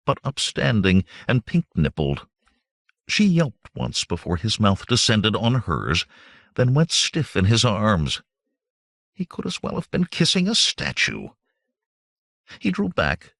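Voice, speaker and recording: A male audiobook narrator reads a fantasy novel with dramatic flair. His voice is low and gravelly, swinging widely in pitch, recorded close and dry. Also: huge pitch swings, measured pace, a bit bright, no room sound. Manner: dramatic, varied reading. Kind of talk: scripted narration.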